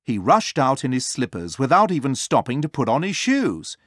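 Storybook narrator, children's read-aloud, lively pitch, dry close sound. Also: normal speed, no room sound. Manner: expressive, sing-song.

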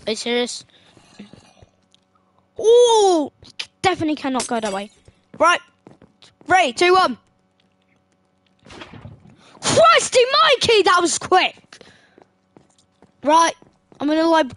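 Excitable woman gaming. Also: sits high, slow, pauses often. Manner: excitable, yelps and exclaims while playing. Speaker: gaming streamer. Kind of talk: casual gameplay commentary.

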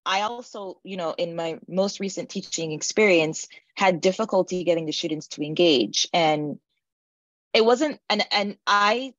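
Deep-voiced woman instructor, muffled audio. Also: fairly bright tone, dry recording. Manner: measured, agreeing, some restarts. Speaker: instructor on a panel. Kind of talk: panel discussion. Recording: dull low-fidelity audio.

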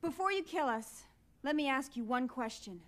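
An actress playing a composed young woman calmly asking a villain probing questions in a film. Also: high-pitched, normal speed. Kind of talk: film acting.

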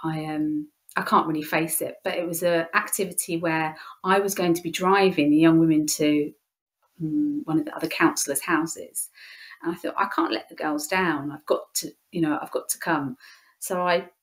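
Guesting on a conversational interview, a youth leader with an English accent recounts a moving personal experience. She speaks low and steadily at an ordinary pace, frequently stopping to begin again.

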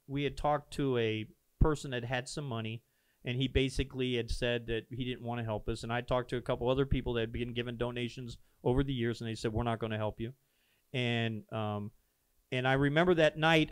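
A pastor with a smooth, resonant, medium-pitched voice tells the story of a founding in a casual podcast conversation. Earnest and animated, he acts out every quoted exchange. Recorded on a podcast microphone, the sound is dry and close, with no room sound or background.

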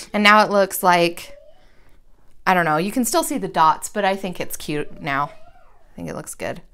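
A woman's voice: on the low side, a bit bright, clear, resonant tone. Chatty woman crafting at her desk. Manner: chatty, rambling and self-deprecating, with slangy asides. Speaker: crafting vlogger. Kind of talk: casual craft tutorial chat.

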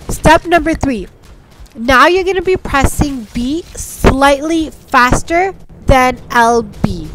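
Slow-talking woman with a stuffy nose. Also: high voice, a little hiss or hum, poor audio. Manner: patient step-by-step instructing, frequent "okay?" check-ins. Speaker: gaming tutorial host. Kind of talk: casual game tutorial.

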